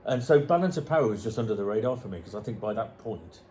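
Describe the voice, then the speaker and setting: A man's voice: on the low side, expressive, quick pace, warm tone, slight background noise. Hesitant man in his forties, casual. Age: 40s. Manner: hesitant, restarts, agreeable. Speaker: guest. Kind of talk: casual music chat.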